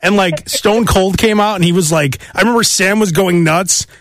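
A man's voice: sits high, moderate pace, a bit bright, no echo, clean studio sound. A man hosting a podcast, ranting in brash, profane casual chat. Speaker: podcast host.

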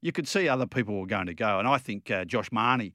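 A man's voice: lowish voice, lively intonation, fast talker, pushed and bright, no echo, studio quality. An Australian man co-hosting a football radio show, talking in an opinionated, rambling way with frequent restarts. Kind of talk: casual radio chat.

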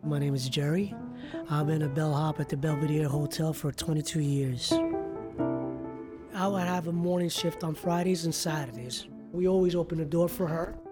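A man who works as a hotel bellhop, telling an emotional story in a husky, earnest voice in a documentary interview. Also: fairly high pitch, fairly even intonation, moderate pace, over music.

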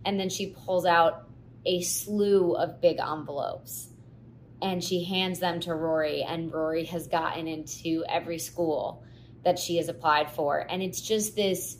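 Woman host, casual solo podcast, rambling and emotional, slightly low voice, faint room hum behind. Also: steady tone, measured pace. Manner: chatty, filler-heavy, gets teary and laughs at herself.

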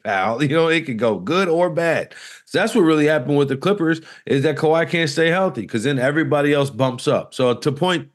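A man in his thirties co-hosting a casual sports podcast. He rambles with plenty of restarts and drops his voice low for jokey asides. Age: 30s. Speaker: podcast co-host.

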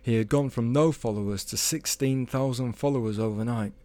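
A man telling a comic story in a measured, deadpan way. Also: mid-range voice, no echo. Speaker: storyteller guest.

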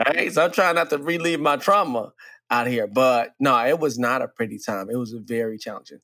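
A man in casual podcast talk, animated and candid, who laughs easily and leaps up in pitch when quoting himself. His mid-range voice sits on a dry, close mic. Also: fairly quick, no echo. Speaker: podcast co-host.

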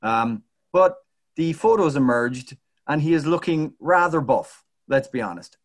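A man's voice: fairly high pitch, lively intonation, measured pace. A man co-hosting a casual sports podcast, bantering in a wry, joking way. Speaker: podcast co-host.

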